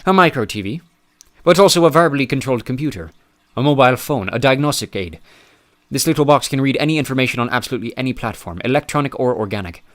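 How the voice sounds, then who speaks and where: An arrogant teenage boy genius, crisp and superior in every word, performed by a man narrating an audiobook. He is pitched up slightly and speaks with careful precision. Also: expressive, fast, fairly bright tone, close to an everyday voice. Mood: cool, haughty. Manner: precise, haughty.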